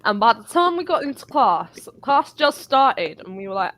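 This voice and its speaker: A woman telling an animated, sweary story in a casual live chat. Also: on the high side, moderate pace. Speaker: guest.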